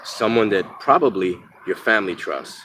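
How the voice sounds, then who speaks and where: A man's voice: lowish voice, lively intonation, normal speed, pushed and bright, slight background noise. A man telling candid stories from his own life in a rambling, profane way with lots of fillers, and giving blunt advice to listeners. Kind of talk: candid personal storytelling monologue.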